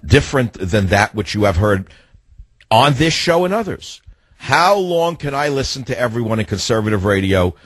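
A man's voice: mid-range voice, a bit bright, breathy edge, dry recording. A man hosting a talk radio show, ranting in a scornful, combative way and cutting callers off. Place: radio studio.

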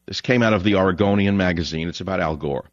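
A man's voice: deep voice, quick pace, no echo. A man hosting a talk radio show, delivering an angry, ranting monologue full of rhetorical questions, his voice strained. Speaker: radio talk show host taking calls. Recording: dull, dry broadcast audio.

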